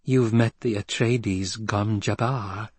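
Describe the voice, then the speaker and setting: A man with a husky voice, voicing a calm, defiant young girl who speaks slowly and quietly. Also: on the low side, dry recording. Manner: quiet, slow, cool and measured.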